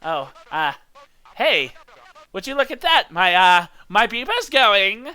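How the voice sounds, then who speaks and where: A man's voice: high voice, very animated, takes it slowly, sharp tone, clear, resonant tone, dry recording, full character voice, low-quality recording. A man voicing a nervous, flustered TV-headed game show host who stammers with fake cheer. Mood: wistful.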